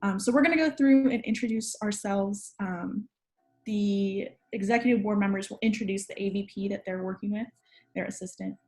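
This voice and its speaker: A woman's voice: mid-range voice, normal speed, dark tone. A woman in her twenties, the club president, hosting a casual online info session in a friendly way with frequent ums. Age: 20s.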